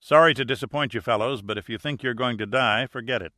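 A man's voice: mid-range voice, quick pace, pushed and bright, no room sound, natural voice. A man reading a cool, wry rescue diver. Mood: instructive. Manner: cool, dry understatement. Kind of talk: audiobook character reading.

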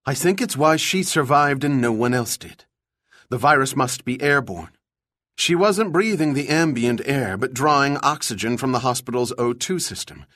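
A man voicing a woman doctor in a hazmat suit who stays calm and reassuring while giving brisk orders. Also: mid-range voice, no echo, studio quality, natural voice.

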